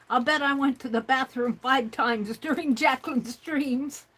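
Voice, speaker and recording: A woman hosts a crafting livestream, chatting casually to herself and her viewers as she works and reading the chat aloud. Her high, fairly bright, husky voice is a little slow with few pauses, on a low-quality recording.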